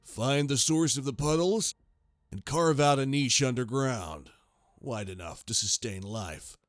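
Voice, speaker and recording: A man's voice: medium pitch, dry recording, soft background music. A man giving a grave, scripted sci-fi horror narration. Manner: slow, grave storytelling.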